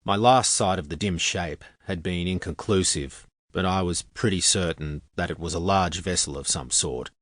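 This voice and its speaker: A man's voice: sits low, moderate pace, few pauses, a bit bright, dry recording. A man narrating a novel in the first person, with a wry, conversational storytelling manner, close on the mic. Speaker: audiobook narrator.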